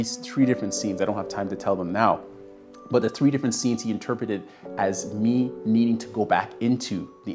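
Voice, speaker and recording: A man's voice: medium pitch, a little mellow. A young man casually telling a personal story, acting out the voices of the people he quotes. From Canada. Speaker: guest telling his story.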